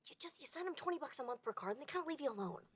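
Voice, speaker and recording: An evasive young wife. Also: female voice, sits high, expressive, very fast. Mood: defensive. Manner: evasive, defensive. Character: young wife defensive about her debt. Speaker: sitcom wife.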